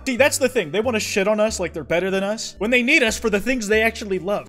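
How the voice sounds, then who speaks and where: A man streaming himself playing a video game, commenting in a profane, excitable way. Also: high-pitched, fast, few pauses, soft background music. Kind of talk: gameplay commentary.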